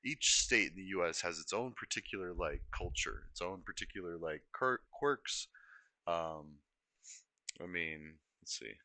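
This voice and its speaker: Low-voiced rambling man streaming live. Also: expressive, measured pace, sharp tone, no room sound. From Colorado, US. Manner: rambling, easily sidetracked, self-correcting. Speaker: livestreamer. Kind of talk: casual live-stream chat.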